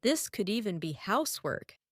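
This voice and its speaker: A woman's voice: mid-range voice, big pitch swings, moderate pace, dry recording, studio quality. A woman giving a tarot reading, musing aloud and repeating herself as she talks straight to the viewer. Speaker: tarot reader.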